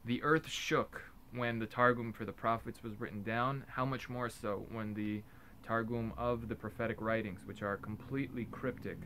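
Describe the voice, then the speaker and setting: A man's voice: mid-range voice, pushed and bright, slight background noise. A man giving an informal explanatory talk as a religious teacher, earnest and emphatic, often restarting his sentences mid-thought.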